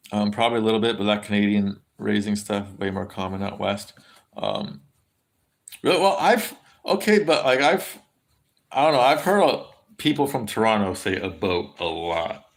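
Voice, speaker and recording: A man's voice: fairly low pitch, gravelly. An American man from California, chatting casually on a livestream, rambling and swearing a lot with plenty of fillers as he answers chat. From California, USA. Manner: rambling, profane, lots of fillers.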